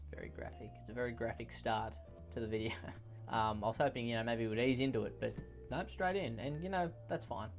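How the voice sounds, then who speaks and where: A man's voice: mid-range voice, brisk. A man with a mid-range voice delivers sarcastic reaction commentary. He rants and mocks, sounding exasperated, with faint music playing underneath. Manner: ranting, exasperated, mocking. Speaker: comedy commentator.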